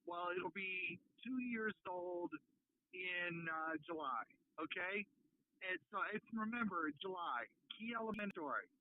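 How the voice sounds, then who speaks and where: Male radio caller, high and animated, thin phone-line sound. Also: slow, no room sound. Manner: chatty, expressive, stretches words for effect. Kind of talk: casual radio chat. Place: Minnesota.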